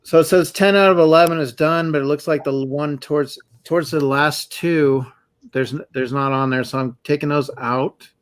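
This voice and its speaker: A man's voice: a little high, fairly even intonation, moderate pace, clear, resonant tone. A man hosting a casual live stream, rambling with fillers as he reads out quiz answers. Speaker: show host.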